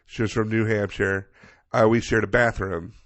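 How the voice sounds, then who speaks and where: Animated storytelling man, low voice. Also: moderate pace. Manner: animated storyteller, acts out quoted people, profane. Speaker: podcast co-host. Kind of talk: casual storytelling chat.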